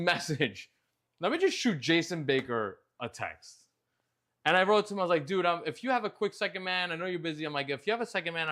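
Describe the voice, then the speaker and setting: Animated swearing man telling a repair story. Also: a little high. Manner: animated, frequent swearing, exasperated retelling. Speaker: host. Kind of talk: casual storytelling monologue.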